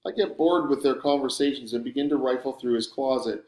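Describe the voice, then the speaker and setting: A man's voice: mid-range voice, brisk, a little mellow. Man narrating in a roomy room. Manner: sardonic, wry storytelling. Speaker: audiobook narrator. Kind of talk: first-person audiobook narration.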